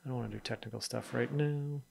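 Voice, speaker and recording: A man in a relaxed beer review vlog, with an average-pitched voice. He talks off the cuff and rambles, drifting between thoughts and fixing his words mid-sentence. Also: quick pace, vocal fry, slightly rough. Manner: rambling and chatty, often trailing off and correcting himself; loose, spontaneous tasting commentary.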